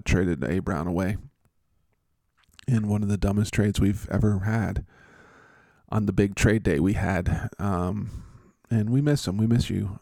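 A man's voice: low-pitched, vocal fry, mellow, dry recording. A man hosting a casual chat, joking and rambling with a teasing manner. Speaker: host.

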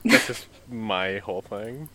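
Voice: mid-range voice, slow, a crowd in the background, low-quality recording. A podcast participant in casual chat, making joking, sardonic asides.

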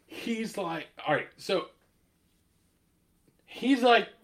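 A man's voice: high voice, expressive, drawn-out words. A married man in casual conversation as a podcast co-host, telling stories animatedly, swearing and laughing often. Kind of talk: casual chat.

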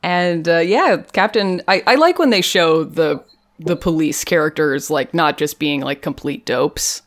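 Low-pitched woman co-host, chatty and animated, laughs a lot, casual episode recap. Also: unhurried. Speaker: podcast co-host.

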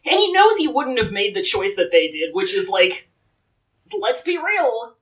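A woman co-hosting a casual book discussion, recapping the story with a lively voice. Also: medium pitch, normal speed, recorded from a distance, poor audio. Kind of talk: casual book-club chat.

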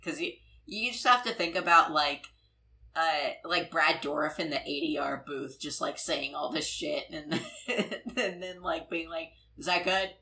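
Podcast co-host, woman, low bright voice, loose filler-heavy film chat. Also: a little slow, creaky, rough recording. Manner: rambling, lots of "like" and "uh", laughs often. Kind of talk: casual film discussion.

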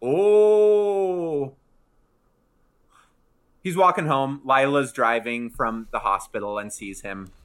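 A man co-hosting a casual chat, retelling a TV episode with animated asides and acting out lines. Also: medium pitch, moderate pace, hardly any pauses. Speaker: podcast co-host.

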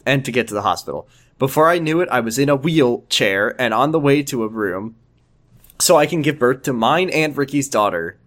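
A man's voice: medium pitch, expressive, moderate pace, a bit bright. A man co-hosting a comedy podcast, reading fanfiction aloud and breaking off for joking side comments. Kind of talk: comedic dramatic reading with banter.

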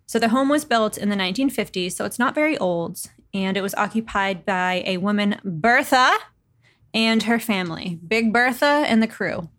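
A woman's voice: mid-range voice, normal speed, a bit bright. A young woman co-hosting a podcast, chatting and telling a ghost story with frequent laughs. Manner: laughs often, chatty and playful. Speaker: podcast co-host. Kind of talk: casual chat and storytelling.

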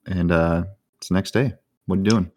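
A man hosting and narrating a tabletop game as game master, relaxed and joking. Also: deep voice, fairly quick, no echo. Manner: relaxed, joking, plugs the channel.

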